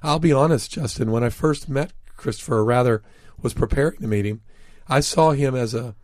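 An author appears as an interview guest, sharing anecdotes in an earnest way, pausing on fillers and slowing noticeably on key words. His mid-pitched, slightly mellow voice is recorded close and dry in a studio with no room sound.

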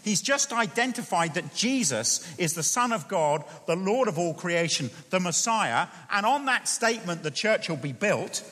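Animated preacher in a reverberant hall. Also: male voice, sits high, normal speed, hardly any pauses. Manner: animated, emphatic preaching with scripture readings. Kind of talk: sermon.

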